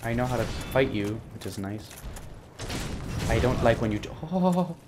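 A young man chats through a video game in a loose, rambling way, cracking jokes and muttering curses at whatever attacks him. His voice sits at an ordinary middle pitch, and a faint room hum stays under it. It sounds like a desk mic. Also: lively intonation, moderate pace. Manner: rambling, jokey, mutters and swears at enemies. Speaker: gameplay commentator. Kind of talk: casual let's-play commentary.

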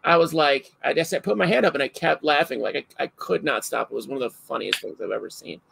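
Gravelly, husky man telling stories. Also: mid-range voice, quick pace, dry recording, low-quality recording. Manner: animated storyteller, laughs often. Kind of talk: casual chat.

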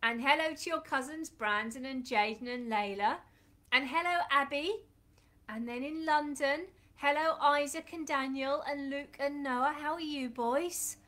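A woman's voice: high-pitched, a little slow, a bit bright, poor audio. A woman hosting a Bible club for children, talking in a friendly way and calling out sing-song greetings.

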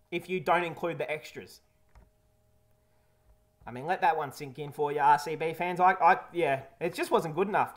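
A man hosting a casual cricket match review, talking candidly and jokingly with some blunt swearing. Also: sits high. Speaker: cricket video host.

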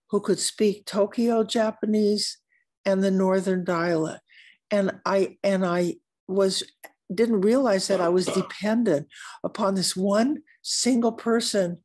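An older American woman, an artist telling stories at a symposium, speaking in a halting, searching way with frequent restarts and occasional coughs. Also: medium pitch, a little mellow. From United States. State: coughing at times. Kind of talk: unscripted conversation.

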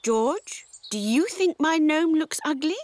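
A woman voicing a cheerful, determined granny pig in a cartoon, brisk and bossy. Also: high-pitched, animated, darkish tone. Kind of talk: cartoon voice acting.

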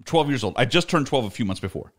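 A man's voice: medium pitch, expressive, fast talker, fairly bright tone. A middle-aged man co-hosting a podcast, telling a story in casual chat and laughing often as he talks. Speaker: podcast co-host.

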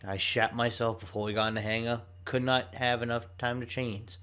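A young man giving loud, excitable gameplay commentary, swearing and laughing often. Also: medium pitch, moderate pace. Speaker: gaming YouTuber.

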